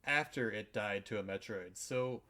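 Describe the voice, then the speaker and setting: A man's voice: fairly low pitch, moderate pace, sharp tone. Rambling, irreverent man podcast host. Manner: rambling and irreverent, with frequent swearing and filler words. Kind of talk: casual chat recapping a video game.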